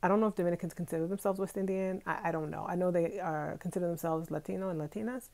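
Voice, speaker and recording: A woman's voice: fairly low pitch, fairly even intonation, quick pace, gravelly, darkish tone. A woman in her forties from Brooklyn, chatting casually with viewers over a handheld phone, laughing often and answering comments. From Brooklyn, New York. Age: 40s. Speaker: vlogger. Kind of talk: casual live chat with viewers. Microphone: phone held in hand.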